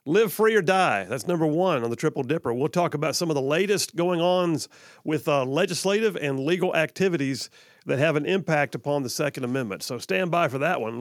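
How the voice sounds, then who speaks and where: A man's voice: on the high side, dry recording. A man hosting a political talk radio show, delivering an emphatic, folksy monologue full of sarcastic asides into a studio microphone.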